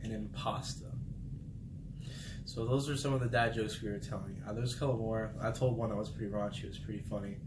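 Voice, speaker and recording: A young man and Navy sailor hosting a casual vlog, relaxed at first and then upbeat and animated, talking with friends in a barracks room. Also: on the low side, brisk. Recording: echoey room with background noise.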